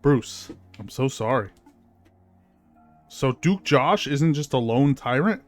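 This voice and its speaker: A man with a medium-pitched, animated voice streams a video game at a slow pace, faint music in the background. He gives casual let's-play commentary, using fillers and reading the game's text out loud.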